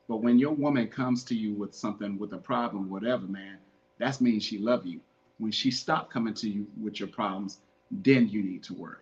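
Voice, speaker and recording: A man's voice: fairly low pitch, a little fast, darkish tone. Guy on a podcast preaching relationship advice, keeps saying man, kinda muffled audio. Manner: earnest, repetitive, preachy; calls listeners "man". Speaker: podcast host. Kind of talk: casual advice talk.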